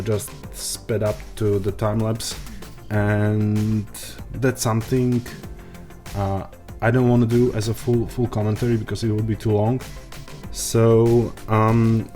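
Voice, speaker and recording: Man, Eastern European accent, lowish voice, hesitant tutorial commentary, desk mic, faint background music. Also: warm tone. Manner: hesitant, frequent uh and um fillers. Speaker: software tutorial creator. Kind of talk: screen-recorded tutorial commentary.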